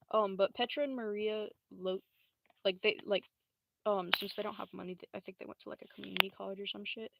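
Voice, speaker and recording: A young woman streamer rambles through a story in slangy, profane talk full of fillers. Her voice sits at a middle pitch with a gravelly edge. A loud hiss runs under the recording. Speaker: livestreamer.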